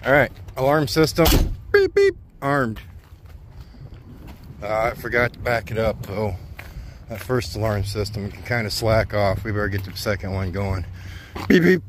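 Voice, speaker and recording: A man's voice: fairly low pitch, steady tone, brisk, background noise. A man chatting casually to his viewers in a folksy, rambling, self-deprecating way while going about his day. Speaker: trucking vlogger. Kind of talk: casual vlog chat to camera. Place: at home and around town.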